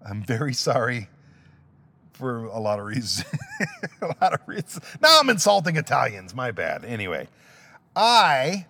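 A middle-aged man hosting his own podcast alone, rambling casually and cracking self-deprecating jokes. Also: mid-range voice. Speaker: podcast host. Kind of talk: casual solo podcast monologue.

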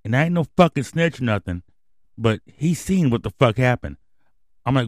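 This mid-range male voice moves at a moderate, animated clip with no echo. He's a radio host in the middle of a furious, profanity-laden rant, telling a story with nonstop cursing.

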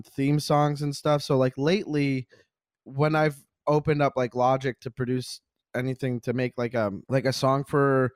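A man who is a comedian and music producer, a guest on a podcast, telling stories in a relaxed, chatty way and acting out the lines of the people in them. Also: medium pitch, smooth, no room sound, studio quality. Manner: relaxed storyteller who acts out dialogue. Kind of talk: casual comedic chat.

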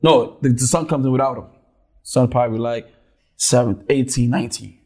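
A man's voice: mid-range voice, moderate pace. A man hosting a casual chat, telling stories animatedly and doubling up words as he gets going. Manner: animated storyteller, repeats words when excited.

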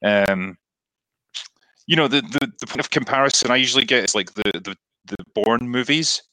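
A man's voice: mid-range voice, moderate pace, bright, forceful tone, no room sound, rough recording. A man being interviewed about his writing, speaking casually with many fillers and restarts. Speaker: author guest.

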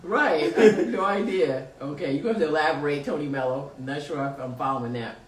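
A woman's voice: low-pitched, quick pace. A woman hosting a podcast and reading out live chat comments, laughing and teasing in loose slang. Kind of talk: casual chat. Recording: roomy echo, distant mic, faint noise.

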